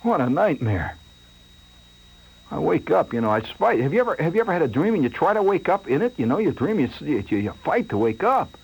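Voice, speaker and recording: A man hosting a late-night radio show, telling a rambling, self-mocking story in a theatrical way that swings from hushed to excited. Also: a little high, brisk, vocal fry, husky, low-quality recording. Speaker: radio host.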